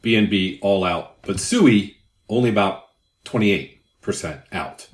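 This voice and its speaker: An older man with a low, deep voice talks through crypto numbers casually, drifting into asides and stories. His voice rings in a roomy space with noticeable echo. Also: lively intonation, measured pace. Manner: conversational, rambling asides. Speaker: crypto YouTuber. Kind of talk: casual explainer with anecdotes.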